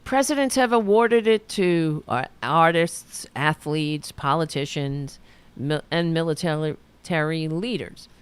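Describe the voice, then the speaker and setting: A woman's voice: takes it slowly, smooth, no echo. A woman hosting a political talk show, reading a news article aloud and breaking off into sarcastic asides. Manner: sarcastic asides while reading, lively pitch. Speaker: political podcast host.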